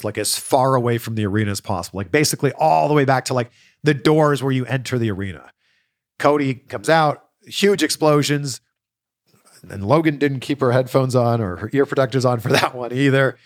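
A man's voice: mid-range voice, normal speed. A man hosting a casual fan Q&A, telling stories with an easy, chatty manner and frequent laughs. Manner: lively, laughs often, chatty storytelling. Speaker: host of a wrestling Q&A show. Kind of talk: casual chat answering fan questions.

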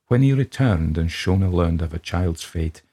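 A brooding Scottish man tells his ghost tale in a low, husky voice, as a man puts the accent on. He reads in a measured, grave storybook manner. The breathy edge to his tone adds weight to every sentence. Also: expressive, mellow. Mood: sombre. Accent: put-on Scottish. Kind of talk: dramatic reading of a ghost story.

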